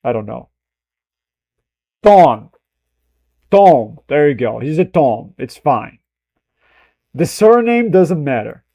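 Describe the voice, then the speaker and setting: Mellow-voiced man rambling while reacting. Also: a little high, sing-song, slow pace, gravelly, long pauses, dry recording. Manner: swears freely, rambling, laughs at himself. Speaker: streamer reacting to a film clip. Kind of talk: casual reaction commentary.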